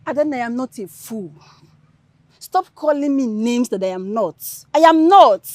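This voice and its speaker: Upright village girl, high voice, reproachful, dry sound. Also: measured pace, dry recording. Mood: defiant. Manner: reproachful, steady, pleading. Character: upright young village woman, the group's conscience.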